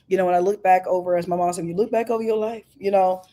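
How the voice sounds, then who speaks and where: A woman's voice: on the low side, fast talker. A middle-aged woman from Oakland, California, chatting as a singer guest in an interview, telling stories with many fillers. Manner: lively storyteller, many fillers. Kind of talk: casual interview chat.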